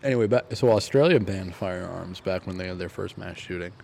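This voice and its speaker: Podcast co-host, man, lowish voice, crude blunt joker. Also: brisk, vocal fry, a little mellow, slight background noise. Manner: profane, blunt, joking rants. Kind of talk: casual chat.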